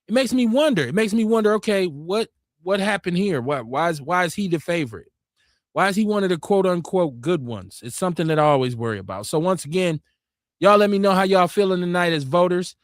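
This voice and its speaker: A man's voice: high-pitched, lively intonation, brisk, dry recording, studio quality. A man from Milwaukee hosting a call-in show, talking politics casually and outspokenly with emphatic, direct delivery. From Milwaukee, Wisconsin, USA.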